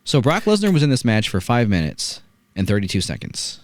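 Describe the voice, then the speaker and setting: A man's voice: on the low side, brisk, no echo. A man hosting a casual wrestling review, telling stories with lots of "right?" asides. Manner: animated storytelling, rhetorical "right?" asides. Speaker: wrestling podcast host.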